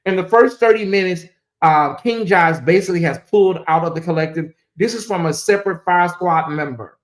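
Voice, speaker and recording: A woman hosting her own commentary channel, talking casually on a live stream. She repeats her questions and swings between low muttering asides and loud exclamations. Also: a little fast.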